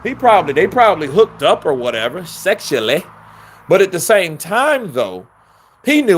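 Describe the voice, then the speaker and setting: A man's voice: sits high, big pitch swings, moderate pace, slightly rough. A man hosting a casual boxing chat, talking loosely and profanely in a rambling street style and answering viewer questions. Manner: answers viewer questions, acts out quotes with voice shifts. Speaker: boxing commentary host.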